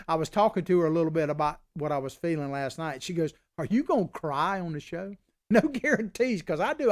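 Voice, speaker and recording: Fired-up middle-aged guy doing political commentary, voice pitched up and jumping all over the place. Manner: impassioned, swings from loud emphatic peaks to low quiet asides. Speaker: political talk show host.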